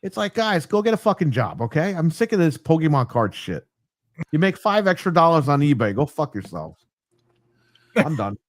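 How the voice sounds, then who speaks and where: A man with a slightly high, very lively voice tells a story from his game store. He swears freely and sounds fed up. The sound is close and dry. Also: normal speed, dry recording. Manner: profane, exasperated storyteller. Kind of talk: casual ranting storytelling.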